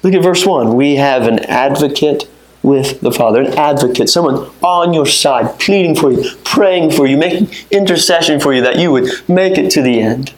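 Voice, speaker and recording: A man preaching a sermon, swinging from low, measured teaching to high, urgent pleading. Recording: roomy echo.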